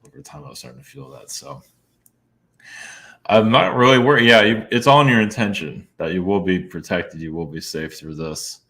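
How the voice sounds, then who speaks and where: A man being interviewed as a guest, speaking in a halting, casual way with many fillers and small laughs. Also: on the low side, steady tone, a bit bright. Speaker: guest, channeler.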